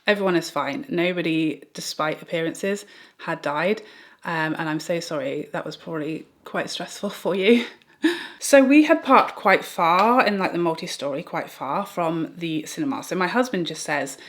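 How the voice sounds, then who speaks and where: A British woman vlogger telling a personal story in a rambling, animated way, with restarts and small laughs. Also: fairly low pitch, normal speed. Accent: British English. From Britain. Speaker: beauty vlogger. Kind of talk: get-ready-with-me storytime.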